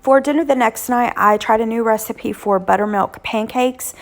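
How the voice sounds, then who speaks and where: A woman in her thirties or forties, a cooking channel host, hoarse from illness, chatting casually with lots of ums as she walks through weeknight dinners. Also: a little high, normal speed, faint music behind. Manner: chatty, homey, frequent "um" fillers. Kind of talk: casual cooking vlog narration.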